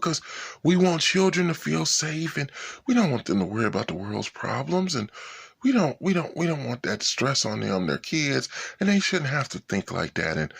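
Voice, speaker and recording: A man's voice: on the high side, gravelly, fairly bright tone, husky. A man in a casual, profane rant, swearing and sounding incredulous. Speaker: vlogger.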